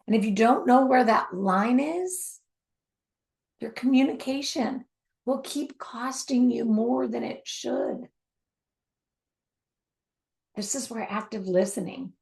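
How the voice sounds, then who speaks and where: A woman delivers a spoken teaching on communication, repeating herself emphatically for stress and sometimes sinking into a soft near-whisper. Her voice is medium in pitch and creaky.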